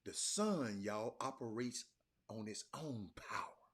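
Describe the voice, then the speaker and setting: A man hosting a casual livestream talk from a hotel room. He is an animated storyteller who repeats and restarts words and keeps calling out to his viewers as y'all. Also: fairly low pitch, slow, slightly rough. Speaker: talk show host.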